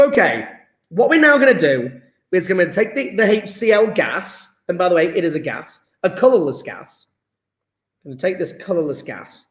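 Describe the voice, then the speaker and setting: Excitable guy teaching chem class online, pretty high voice, roomy echo. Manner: chatty, enthusiastic, praising students by name. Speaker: chemistry teacher. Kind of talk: live online lesson.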